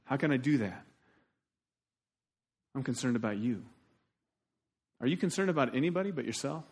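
Animated male preacher. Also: mid-range voice, moderate pace, husky. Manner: animated, shifting between loud emphasis and quiet asides. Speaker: pastor. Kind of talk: sermon.

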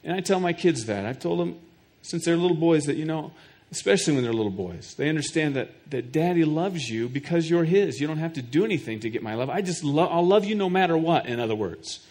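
Earnest preacher with a higher voice. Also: male voice, expressive, a little fast, hardly any pauses, darkish tone. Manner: earnest, repeats words while building points; speaks directly to the congregation with questions. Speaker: pastor. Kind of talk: sermon.

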